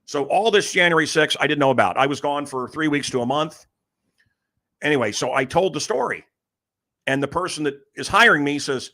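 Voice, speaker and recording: A man's voice: on the high side, fairly quick. A middle-aged man hosting a podcast, telling rambling stories in a casual chat and acting out the voices of people he quotes. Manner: rambling, animated, acts out quoted dialogue. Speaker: podcast host. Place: room in a house.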